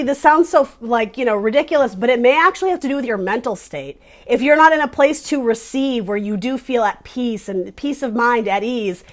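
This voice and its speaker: Host tarot reader, woman, slightly high voice, rambling and conversational, addressing the viewer directly. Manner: meandering, searching for words as she goes; speaks straight to the viewer. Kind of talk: casual spoken tarot reading.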